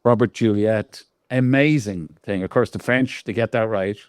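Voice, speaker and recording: An Irish man in his sixties, a guest on an interview show, telling lively stories full of laughs and quoted voices. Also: fairly low pitch, normal speed, no room sound, clean studio sound. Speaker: guest lighting designer. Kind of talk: casual interview storytelling.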